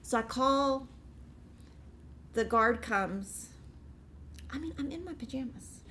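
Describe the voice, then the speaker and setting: A woman's voice: high-pitched, slow, slight background noise. A middle-aged woman hosting a craft show, chatting casually to viewers and acting out the voices in her story with animation. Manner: animated, acts out her own and others' lines. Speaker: host of a cross-stitch show.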